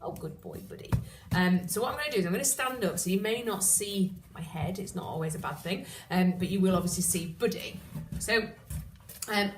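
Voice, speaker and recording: A woman who trains dogs, explaining steps in a chatty way and breaking into high, excited praise for the dog. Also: brisk. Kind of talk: casual instructional talk. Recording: roomy echo, distant mic, background noise.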